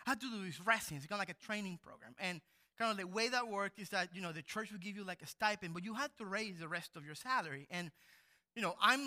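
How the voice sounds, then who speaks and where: Man, pastor, sermon, animated storytelling, bright tense voice. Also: sits high. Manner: animated storytelling, swings into loud acted quotes.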